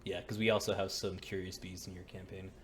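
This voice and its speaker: A man's voice: low voice, little pitch movement, brisk, crowd noise. A man narrating a tabletop game as dungeon master, laid-back with lots of fillers.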